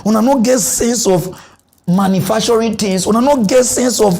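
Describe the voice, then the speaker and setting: A man's voice: sits high, moderate pace, creaky, slight background noise. A young man with a Nigerian Pidgin accent hosting a comic mock news show, ranting with frequent chuckles. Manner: animated ranting, chuckles often.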